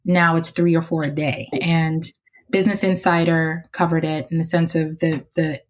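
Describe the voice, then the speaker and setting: Calm woman with a lowish voice. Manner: calm and measured. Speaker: guest executive. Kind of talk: conversational interview.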